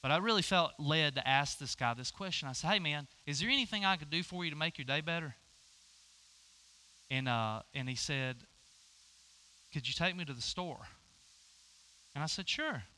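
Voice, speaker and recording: A man's voice: fairly high pitch, lively intonation, moderate pace, pauses often, sharp tone. A man preaching a sermon, telling a personal story and acting out both sides of the conversation. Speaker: pastor.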